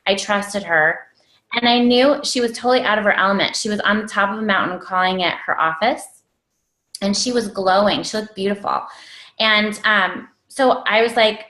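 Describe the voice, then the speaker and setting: A woman's voice: mid-range voice, moderate pace, bright, forceful tone. A woman in her thirties tells her own story as an interview guest. She is chatty and gritty and full of fillers. Her voice is recorded in an echoey room.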